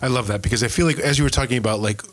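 A man's voice: mid-range voice, racing. A man co-hosting a faith conversation, chatty and full of "like" and "I feel like". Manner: chatty, with many "like" and "I feel like" fillers. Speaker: podcast co-host.

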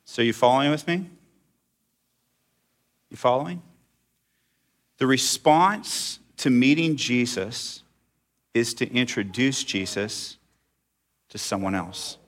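This time the middle-aged pastor speaks slowly at medium pitch, leaving long pauses. His sermon stays conversational as he poses questions directly to the people listening.

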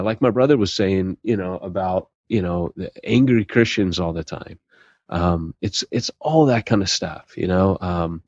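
A man with a lowish voice co-hosts a podcast in loose, easygoing chat. He rambles and circles back with plenty of fillers. The audio is dry, with a slightly muffled, dull tone. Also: darkish tone, no echo. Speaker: podcast co-host.

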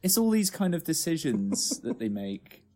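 Relaxed man, rambling chat. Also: fairly high pitch, moderate pace, music in the background. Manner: relaxed, rambling, many fillers like "like". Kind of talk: casual chat about comedy.

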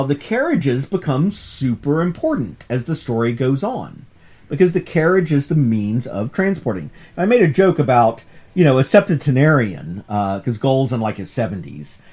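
Animated joking male professor. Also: mid-range voice, moderate pace. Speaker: professor and podcast host. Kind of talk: casual lecture on a comic book.

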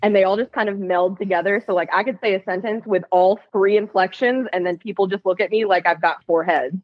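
A woman's voice: mid-range voice, fairly even intonation, a little fast, no room sound. A woman in her twenties with a mixed New England, Southern California and Virginia accent, speaking frankly as a guest over a phone call, full of fillers. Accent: mix of New England, Southern California and Southern Virginia. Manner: frank, laughs easily, many fillers. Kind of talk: casual chat. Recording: dull phone line.

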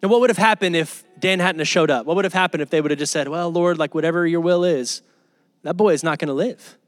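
A man's voice: fairly high pitch, quick pace, no room sound. A man preaching a sermon to his church in a casual, conversational way, acting out the people in his stories. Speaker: pastor.

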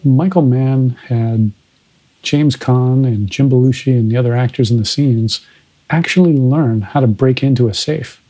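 A man's voice: mid-range voice, unhurried, mellow, poor audio. A man hosting a podcast, analyzing films in a conversational way. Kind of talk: casual film discussion.

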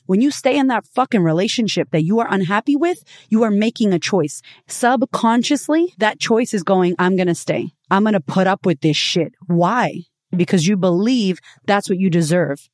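A woman's voice: mid-range voice, expressive, a little mellow, no room sound, studio quality. Blunt, profane woman podcaster. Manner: blunt and profane, with frequent rhetorical questions; emphatic, swinging between punchy and drawn-out phrases. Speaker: podcast host. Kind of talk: motivational podcast monologue.

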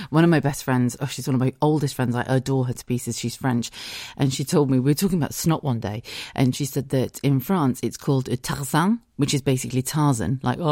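A woman's voice: extremely low pitch, darkish tone, no echo, studio quality. A woman hosting a podcast in casual solo chat, candid and laughing often, swearing freely. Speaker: podcast host.

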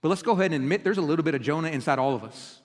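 Pastor preaching hard, high-ish voice, big churchy reverb, gets loud then hushed. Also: male voice, expressive, rapid-fire. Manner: impassioned preaching, swings from loud emphatic lines to hushed ones. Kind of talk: sermon. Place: church sanctuary.

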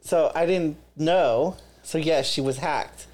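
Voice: medium pitch, slow pace, a little mellow. A podcast co-host chatting casually, telling a long rambling story with many fillers. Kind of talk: casual chat.

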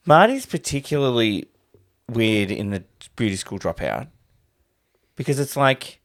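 A man co-hosting a casual movie podcast, his mid-pitched voice rising and falling with lively movement. He answers with quick agreements and playful asides. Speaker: podcast co-host. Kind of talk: casual movie review chat.

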